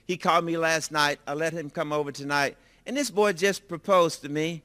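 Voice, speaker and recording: A man's voice: on the high side, moderate pace, fairly bright tone, natural voice. A man voicing a young woman's replies while retelling a story. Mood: teasing. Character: young woman answering a suitor.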